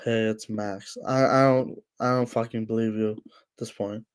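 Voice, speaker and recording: A man's voice: lowish voice, steady tone, normal speed, clear, resonant tone. A man hosting a casual livestream, talking to his chat with lots of fillers and scolding trolls. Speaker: livestream host.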